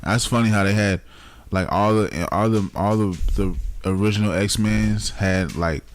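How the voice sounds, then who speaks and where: A young man co-hosting a podcast in casual chat, joking, laughing often and tossing out quick opinions. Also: lowish voice, steady tone. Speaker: podcast co-host.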